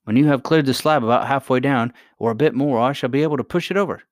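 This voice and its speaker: A man's voice: medium pitch, fast, no echo, clean studio sound, voice pushed up, close to an everyday voice. A man voicing a sturdy, practical young miner boy who talks bluntly and matter-of-factly in a storybook reading. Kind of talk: audiobook character voice.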